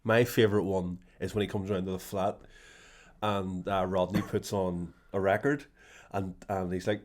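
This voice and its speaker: Low-voiced man chatting. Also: fairly even intonation, normal speed. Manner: rambling, laughs often, acts out quotes. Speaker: podcast co-host. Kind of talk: casual chat.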